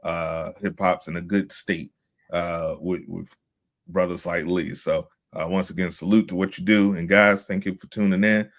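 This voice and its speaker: A man's voice: deep voice, level tone, normal speed. A man from Virginia hosting a casual interview, talking in an upbeat hype style with punchy catchphrases. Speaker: podcast host.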